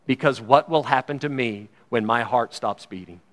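A middle-aged man preaching a sermon with fervour, swinging from loud declarations to hushed, quiet lows. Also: moderate pace.

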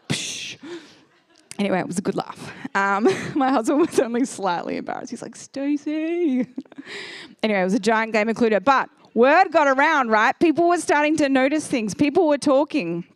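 A woman preaches with a high, bright voice, telling stories with lively energy. The sound is close and dry. She slips into the voices of the people in her stories. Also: brisk, no echo. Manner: animated storyteller, acts out characters. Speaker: pastor. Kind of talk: sermon.

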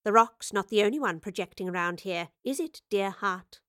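A woman voicing an unflappable female professor who speaks calmly and teases with dry, cutting wit. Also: mid-range voice, moderate pace, no room sound, lightly acted. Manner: calm, dry and quietly cutting. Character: sharp-witted female professor, unflappable and dryly teasing.

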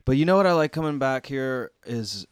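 A man's voice: medium pitch, expressive, fairly quick, clear, resonant tone, dry recording, studio quality. A man hosting a podcast in a casual, rambling chat, stoned and loose, talking into a mic at home. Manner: loose and rambling, full of fillers. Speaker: podcast host. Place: room at home overlooking the city. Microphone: studio mic with headphones.

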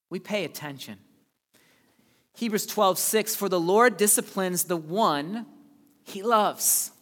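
A man preaching a sermon in a church in a casual, joking way, moving between loud bursts and hushed asides. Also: sits high. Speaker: pastor. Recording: long hall reverb.

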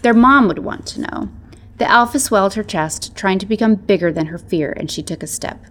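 A woman narrating a storybook tale in a measured, soft-spoken way. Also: medium pitch, a little hiss or hum.

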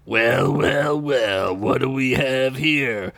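A man voicing a gruff, bullying male knight sergeant with a gravelly, slow, taunting voice. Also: medium pitch, fairly bright tone, dry recording. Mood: mocking.

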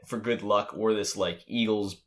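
A man's voice: fairly low pitch, steady tone, moderate pace. A man in casual conversation, telling an emotional, rambling story with many restarts. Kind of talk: casual chat.

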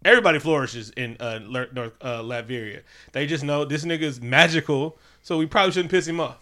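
Animated, bright-voiced man riffing on a movie. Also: a little high, brisk. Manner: animated, profane, slips into impressions. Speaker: podcast co-host. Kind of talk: casual movie review chat.

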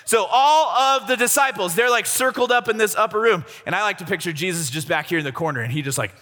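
A man's voice: sits high, quick pace, sharp tone. A young man telling a Bible story as a comic youth sermon, jokey and slangy. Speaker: youth speaker. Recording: reverberant hall.

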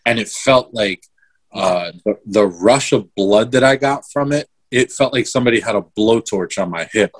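Speaking at a moderate pace in a lowish voice, a young man recounts events play by play in casual conversation, cursing freely throughout his vivid retelling.

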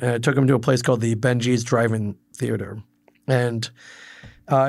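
A man's voice: mid-range voice, dry recording, clean studio sound. A man from Michigan, perhaps in his thirties, casually recalling memories in a rambling way with many restarts and quoted asides. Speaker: comic book personality sharing memories. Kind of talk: casual storytelling.

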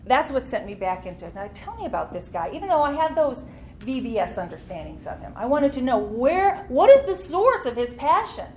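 A woman's voice: high-pitched, big pitch swings, fairly quick, a little mellow, a little hiss or hum. A woman teaching a church Bible study class in an earnest, conversational way, leaning into key points.

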